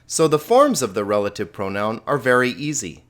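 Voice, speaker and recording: A man's voice: mid-range voice, sing-song, normal speed, fairly bright tone. A man teaching a grammar lesson, patient and explanatory, often repeating words as he restarts his sentences. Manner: holds a cat while teaching. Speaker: Greek teacher.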